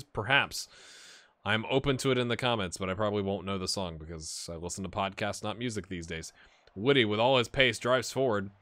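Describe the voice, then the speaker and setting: A man giving casual, amused commentary while playing a football management game, getting excited during the action. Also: mid-range voice. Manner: chatty, amused, jumps to excited play-by-play. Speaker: gaming YouTuber. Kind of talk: casual let's-play commentary.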